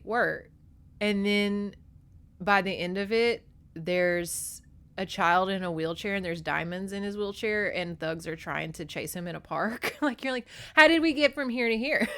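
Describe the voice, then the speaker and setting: Animated, swearing woman podcast host. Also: on the low side, clear, resonant tone. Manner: animated, profane, laughs often. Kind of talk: casual chat, book recap.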